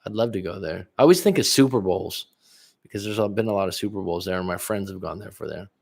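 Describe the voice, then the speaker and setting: A male coach talks off the cuff on a livestream, answering viewers' comments as they come. His voice sits on the low side, and he rambles, trips over words and starts again. He sounds like a relaxed middle-aged man speaking into a webcam. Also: fast talker, creaky. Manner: casual, rambling, many restarts, answers chat aloud. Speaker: relationship coach.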